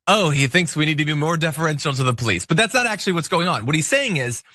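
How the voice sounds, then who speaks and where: Male commentary host, bright voice, lively intonation, wry, casual. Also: a little high, quick pace, no echo, clean studio sound. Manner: animated, wry asides.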